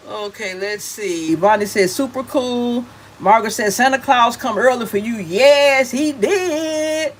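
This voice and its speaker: A woman's voice: fairly high pitch, normal speed, fairly bright tone, a little hiss or hum, rough recording. A middle-aged woman hosting a casual livestream, reading viewer comments aloud in a chatty, homey way and calling people honey and baby. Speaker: gift basket seller hosting a livestream.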